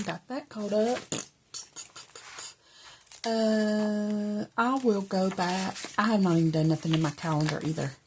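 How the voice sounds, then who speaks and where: Slow, gravelly woman journaling. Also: medium pitch, slight background noise. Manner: rambling, soft-spoken, drifts into whispers. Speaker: journaling vlogger. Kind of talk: casual journal-with-me chat.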